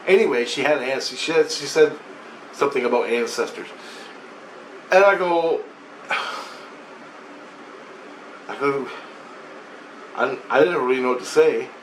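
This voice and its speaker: A man telling a casual, rambling spoken account, animated and often repeating himself. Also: mid-range voice, slow, long pauses, slight background noise. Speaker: vlogger. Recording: roomy echo, faint ambience.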